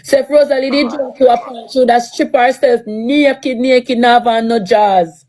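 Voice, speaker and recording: A woman's voice: on the high side, steady tone, normal speed, darkish tone. A Jamaican woman casually explaining what happened, often repeating herself as she tells it. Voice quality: repetitive, storytelling.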